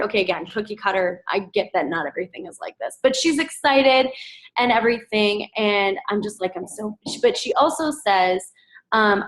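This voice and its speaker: A woman coaching her team in a casual presentation, chatty and upbeat with many fillers, jumping into a high excited voice when she quotes people. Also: moderate pace. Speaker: team coach sharing recruiting tips.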